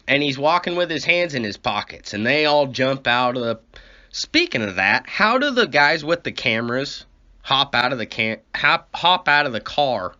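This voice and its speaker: A man's voice: mid-range voice, bright, forceful tone. A man telling a rambling, profane comic story and complaining as he goes. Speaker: comedy podcast host. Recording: dull lo-fi recording.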